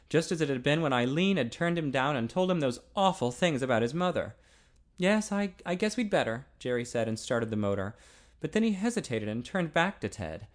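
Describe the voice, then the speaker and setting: A man narrating a novel aloud in an expressive way. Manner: expressive, pitch swinging widely. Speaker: audiobook narrator.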